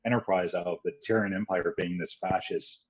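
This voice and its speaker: A man's voice: deep voice, fairly even intonation, moderate pace, lo-fi sound. A man co-hosting a podcast in casual chat, rambling with many restarts. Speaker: podcast co-host.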